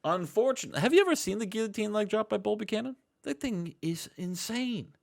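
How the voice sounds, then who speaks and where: A man hosts a casual podcast, recapping wrestling matches in a loose, profane, animated way. His voice sits slightly high and swings widely in pitch. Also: a little fast, gravelly. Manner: animated, profane, laughing storyteller. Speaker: podcast host.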